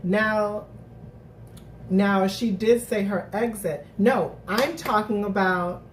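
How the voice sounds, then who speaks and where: A woman hosting a live recap stream, chatting casually to her viewers, animated and thinking out loud with lots of restarts. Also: mid-range voice, slow pace, slight background noise. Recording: roomy, distant mic.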